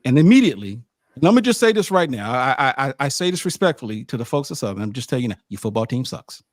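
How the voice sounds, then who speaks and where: A man, the show's publisher, casually telling a story about his trip to a college football game, with lively asides and frequent stammered restarts. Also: mid-range voice, quick pace, dry recording, studio quality. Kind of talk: casual storytelling on a sports show.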